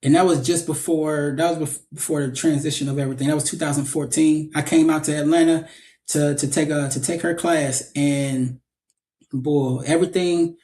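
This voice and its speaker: A man's voice: fairly high pitch, steady tone, normal speed, mellow. A man being interviewed as an actor guest over a video call, telling stories in a rambling casual way with many restarts.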